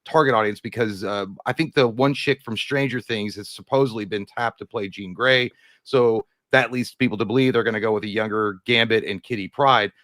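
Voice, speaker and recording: A man's voice: lowish voice, a little fast, no echo. Man, podcast co-host, casual movie chat, rambling, cursing, dry close sound. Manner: animated, rambling, swears freely.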